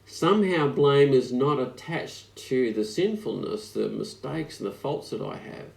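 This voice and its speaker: A man preaching an online sermon, speaking slowly and reflectively with frequent pauses and fillers. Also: mid-range voice, expressive, vocal fry. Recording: echoey room.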